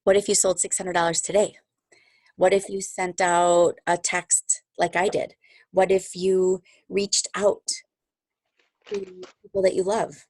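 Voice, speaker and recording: Upbeat middle-aged woman, low voice, dry video-call sound, pep-talking her sales team. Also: flat delivery, a little slow, a little mellow, no room sound. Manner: upbeat, encouraging, chatty with asides.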